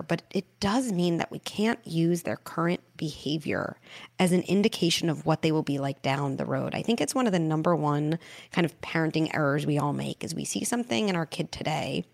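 Woman w a low gravelly voice doing parenting advice on a call-in show, warm and lively. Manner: warm, animated, acts out playful scripts. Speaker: parenting expert, show host.

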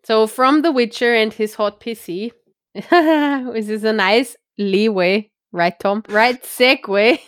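A woman's voice: a little high, slow, smooth, no room sound, studio quality. A woman co-hosting a casual geek news show, talking in an enthusiastic, giggly way. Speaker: podcast co-host.

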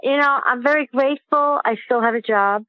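A woman calling in to a radio show. She talks haltingly, with many pauses and fillers. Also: sits high, dry recording. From Queens, New York. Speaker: caller. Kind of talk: phone call to a radio show. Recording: tinny phone line.

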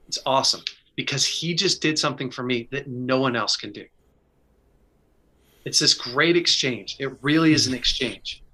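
With a mid-range, sharp-toned voice, a faith speaker offers advice through casual, conversational teaching and his own personal story. He is earnest and candid, talking in short bursts and often restarting.

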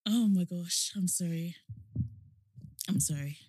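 A woman's voice: lowish voice, takes it slowly, a little mellow, no echo, clean studio sound. A woman in a casual chat with a friend, laid-back and giggly.

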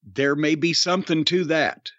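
This podcast host is an older man who rambles, curses liberally and mimics people in mocking voices during casual conversation. He speaks at a normal speed with a somewhat high, slightly bright voice and fairly even intonation. The sound is dull, dry and lo-fi, with no echo.

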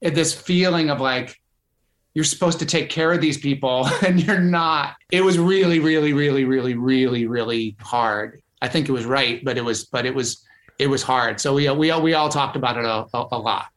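A man's voice: medium pitch, normal speed, fairly bright tone. Earnest man recalling a hard decision. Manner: earnest, repetitive. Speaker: TV writer guest. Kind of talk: interview.

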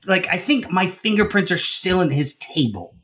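A man's voice: high-pitched, sing-song, normal speed, fairly bright tone. Rambling storytelling man. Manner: rambling, many fillers and restarts, laughs while telling. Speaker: podcast co-host. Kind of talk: casual storytelling chat.

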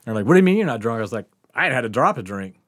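A man's voice: mid-range voice, very animated, rapid-fire, a bit bright, no room sound, clean studio sound. A man hosting a podcast, telling a story in casual chat, laughing often and swearing freely. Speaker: podcast host.

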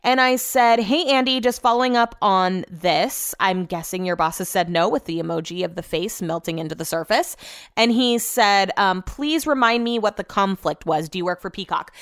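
A young woman hosting a podcast, telling a story in casual, animated monologue and cursing when annoyed. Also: medium pitch, dry recording, studio quality. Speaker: podcast host.

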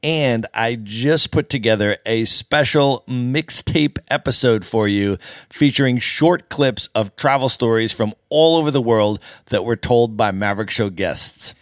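A man's voice: medium pitch, unhurried, dry recording, clean studio sound. A man hosting a travel podcast, introducing a compilation episode in an upbeat, sing-song way. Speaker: podcast host.

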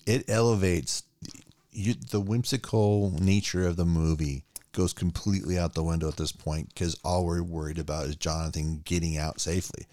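A man with a notably deep voice walks through a movie's plot in casual conversation. He talks in quick, animated bursts. The sound is dry and close, with no room echo. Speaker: podcast co-host. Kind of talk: casual film discussion.

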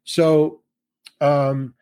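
A man's voice: fairly high pitch, flat delivery, drawn-out words, dark tone, smooth. A man, an actor, talking about his work in a casual, easygoing interview, often saying "you know" and repeating himself.

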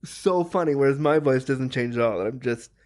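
A man hosting a casual podcast chat, animated and laughing often, trailing off and restarting mid-sentence. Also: medium pitch, normal speed. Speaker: podcast host; power wheelchair user.

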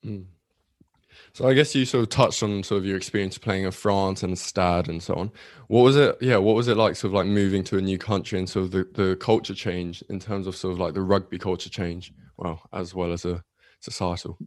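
A man's voice: sits low, fairly even intonation, a little fast, no echo. A man interviewing a guest, asking rambling questions full of hesitant fillers. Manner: hesitant, many fillers like "sort of".

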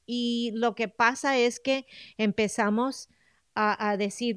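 Clear-voiced bilingual woman coach. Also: a little high, unhurried, no room sound, studio quality. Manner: coaxing, repeats phrases for emphasis.

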